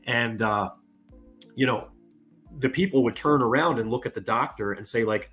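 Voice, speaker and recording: A man's voice: mid-range voice, normal speed, a bit bright, faint music behind. A man guest on a casual podcast, explaining at length and leaning on "you know" fillers.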